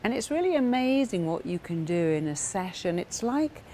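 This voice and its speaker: A middle-aged woman therapist giving a motivational talk, telling client stories in a lively way and acting out the voices of the people in them. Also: lowish voice, normal speed, a little hiss or hum. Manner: animated storytelling that acts out quoted voices.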